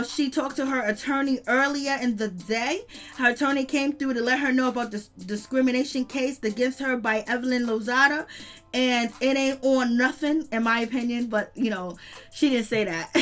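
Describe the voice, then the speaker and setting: A woman hosting a casual reality TV recap, retelling scenes in an animated way and cheering along. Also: high voice.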